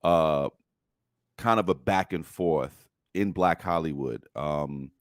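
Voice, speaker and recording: A man's voice: extremely low pitch, slow, no echo, studio quality. A man co-hosting a casual talk show, who rambles, searches for words and laughs often. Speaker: co-host. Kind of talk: casual chat.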